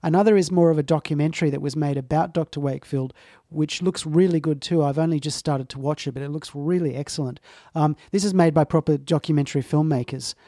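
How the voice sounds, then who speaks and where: A man's voice: a little high, steady tone, fast, hardly any pauses, dark tone, dry recording, clean studio sound. A man hosting a casual commentary chat, speaking earnestly and with emphasis, lingering on his phrases. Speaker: talk show host.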